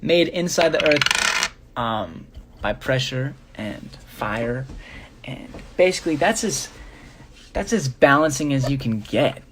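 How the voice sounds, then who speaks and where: A man's voice: mid-range voice, takes it slowly, background noise. A young man chatting casually on a live stream, rambling with many fillers as he shows his jewelry. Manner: rambling, filler-heavy, relaxed.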